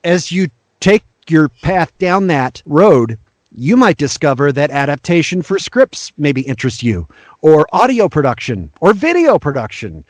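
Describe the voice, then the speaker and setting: A man's voice: on the high side, big pitch swings, unhurried, dry recording. A middle-aged male voice actor, a guest in an interview, giving earnest, frank and encouraging career advice.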